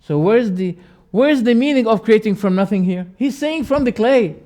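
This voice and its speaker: A man teaching a lecture on religious creed, emphatic and repeating key words, with sharp rises and quiet drops. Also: high voice, lively intonation, normal speed.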